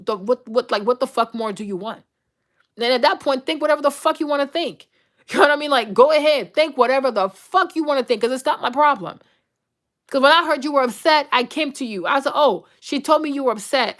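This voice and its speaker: In an unscripted rant, a woman vlogger speaks bluntly and profanely, performing the dialogue of the people she describes. She has a high-pitched voice with a fairly bright tone.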